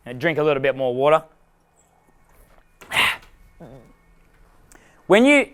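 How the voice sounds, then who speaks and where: A man giving a live dating seminar, animated and profane, laughing at his own jokes. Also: fairly high pitch, clear, resonant tone. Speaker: dating coach.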